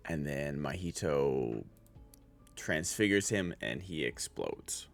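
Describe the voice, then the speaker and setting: A man's voice: a bass voice, animated, slow pace, vocal fry, soft background music. A man giving a casual spoken anime review as a streamer, rambling with many filler words and restarts.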